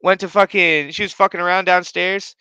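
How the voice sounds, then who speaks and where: A man's voice: high-pitched, fairly even intonation, brisk, sharp tone, clear, resonant tone, dry recording, highs cut off. A man hosting a casual home podcast, telling a rambling, profanity-heavy story full of fillers. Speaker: podcast host. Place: his living room at home. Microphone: streaming setup.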